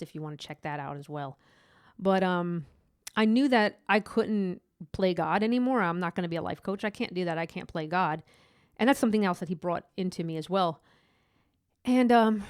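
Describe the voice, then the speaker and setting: A woman's voice: medium pitch, dry recording, studio quality. A woman hosting a podcast, telling a candid personal faith story in a rambling way with many restarts. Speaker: podcast host.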